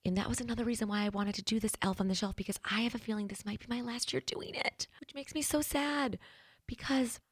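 A woman's voice: on the high side, fairly even intonation, fast talker, breathy edge, no echo. Woman, 30s, morning host, dry studio sound, chatty and self-deprecating. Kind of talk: casual chat. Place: her studio.

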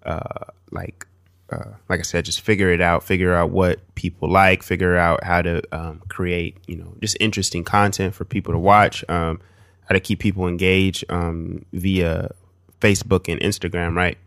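A man co-hosting a podcast in casual chat, relaxed and halting with many fillers. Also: deep voice, creaky, no echo, clean studio sound. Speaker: podcast co-host.

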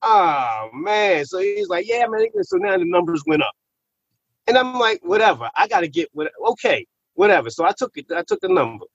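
A man telling a personal story in casual, profane slang, animated and repeating words when he gets worked up. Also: high-pitched, moderate pace, creaky, breathy edge, no echo. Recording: slightly muffled recording.

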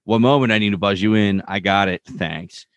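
Deep-voiced man casually recapping. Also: brisk, dry recording. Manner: relaxed, retells scenes with loose paraphrased quotes. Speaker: podcast co-host recapping a TV episode. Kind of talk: casual chat.

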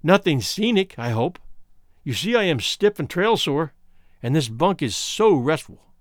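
A man reading aloud voices a calm, gently ironic middle-aged husband in a storybook, slow and deliberate. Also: on the high side, dry recording, studio quality. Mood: calmly ironic.

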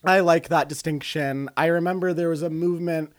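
A man's voice: fairly high pitch, fairly even intonation, fairly quick, lightly acted. A man playing a scatterbrained, self-absorbed female movie star in an improvised comedy bit. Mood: airy, self-important. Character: ditzy vain female movie star, middle-aged. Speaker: guest in character.

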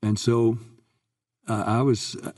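Older man telling stories, low and mellow. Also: slow, far from the mic. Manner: lively recounting, acts out quoted voices. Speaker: guest singer. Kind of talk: anecdotal interview storytelling.

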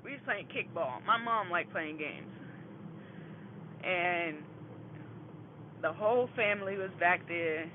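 A man's voice: high-pitched, animated, slow, pauses often. A man hosting a casual motivational morning talk, candid and emphatic, swearing freely, speaking from his car on the way to work. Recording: phone-like line with faint road noise.

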